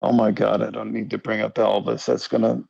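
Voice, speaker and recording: A man's voice: on the low side, little pitch movement, fairly quick, gravelly, a little mellow, husky, no echo. A very tired man rambling in casual livestream chat, swearing and making jokey asides, on muffled audio. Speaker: guest.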